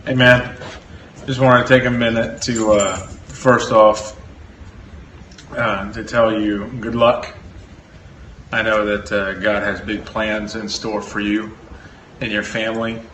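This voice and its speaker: A man's voice: lowish voice, takes it slowly, pauses often. Sincere man on a far mic, roomy sound. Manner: steady, sincere, brotherly. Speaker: church member. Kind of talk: farewell message. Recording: echoey, distant, faint noise.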